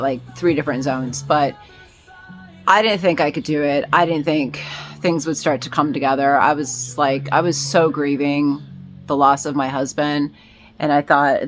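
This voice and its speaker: A woman's voice: deep voice, a bit bright. A woman vlogging in a casual, rambling way, with many fillers and restarts. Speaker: vlogger and small business owner.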